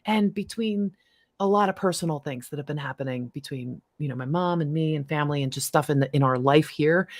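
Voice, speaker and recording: A woman's voice: on the low side, darkish tone, no echo, clean studio sound. A middle-aged woman hosting a spiritual livestream, chatting casually and breaking into bits of song. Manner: chatty, bursts into snippets of song. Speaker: livestream host. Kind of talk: casual chat.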